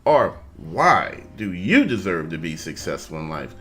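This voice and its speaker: A man's voice: low voice, measured pace, husky, faint music behind. A man co-hosting a casual real estate talk show, speaking in a preachy way, repeating "family" and stressing his points. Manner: preachy, repeats "family", lively emphasis and laughs. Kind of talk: casual live-stream chat with viewers.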